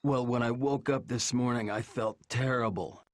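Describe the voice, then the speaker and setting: An actor playing an adult male patient in a recorded textbook dialogue, with a plain, unhurried scripted delivery. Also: medium pitch, steady tone, dry recording, lightly acted. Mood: weary.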